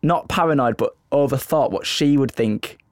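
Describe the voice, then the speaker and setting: A man co-hosting a casual podcast, teasing his co-host with quick banter. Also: medium pitch, no room sound, clean studio sound. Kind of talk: casual chat.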